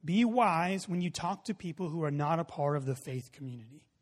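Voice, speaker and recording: A man's voice: on the high side, lively intonation, a little fast. Casual preaching man in a reverberant hall. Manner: casual storytelling with many fillers, rising to loud emphasis. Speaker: pastor. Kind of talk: sermon.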